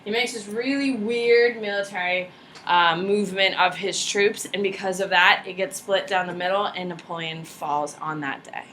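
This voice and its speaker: A young woman teaching a high school history class, lively and casual, joking and chatting with her students between points. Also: moderate pace, slight background noise. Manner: animated, casual and slangy, jokes with students. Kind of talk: classroom lecture.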